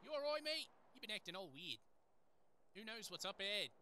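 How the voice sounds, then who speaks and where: A man's voice: high-pitched, very animated, brisk, bright, forceful tone, slight background noise, voice pushed up, exaggerated voice. Man doing a cocky young Aussie woman, game character, slangy and cheeky. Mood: bantering. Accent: put-on Australian. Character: brash young female Australian adventurer.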